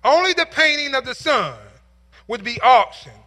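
A man's voice: very high-pitched, expressive, normal speed, bright, forceful tone, big-room sound. A male pastor telling a story in a sermon, building to emphatic, repeated calls.

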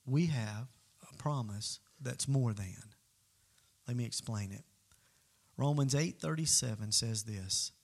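A man preaching a sermon as pastor, emphatic, moving between loud calls to the congregation and quiet asides. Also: medium pitch, gravelly.

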